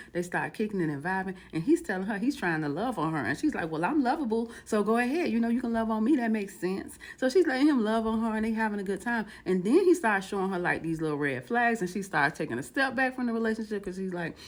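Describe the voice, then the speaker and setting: A woman telling a story in a casual storytime style, animated and slangy, acting out each quoted line. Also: mid-range voice. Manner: slangy, relaxed phrasing. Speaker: vlogger.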